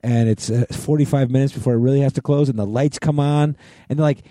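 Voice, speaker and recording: A man's voice: mid-range voice, steady tone, fast talker, dark tone, no echo, studio quality. A man co-hosting a podcast, chatting casually, agreeing often and telling stories with plenty of swearing. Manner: profane, agreeable, tells stories. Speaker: podcast co-host. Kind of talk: casual ranting chat.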